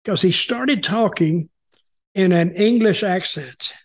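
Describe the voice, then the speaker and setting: Older man telling rambling stories, high-pitched. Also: slow. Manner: rambling, repeats words and restarts, quotes people in dialogue. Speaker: host, wrestling storyteller. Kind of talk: casual storytelling chat.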